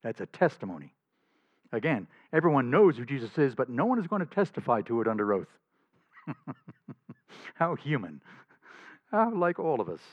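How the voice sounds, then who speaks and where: Animated male pastor preaching, dull dry sound. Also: mid-range voice, normal speed, long pauses, dry recording. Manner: animated, emphatic, chuckles often. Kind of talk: sermon. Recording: slightly dull dry recording.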